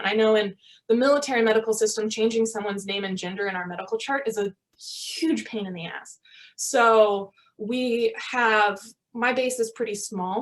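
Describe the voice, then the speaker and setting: Chatty woman doctor in her thirties. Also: a little high. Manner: conversational, frequent tag questions like "right?". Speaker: family medicine physician. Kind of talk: virtual teaching talk.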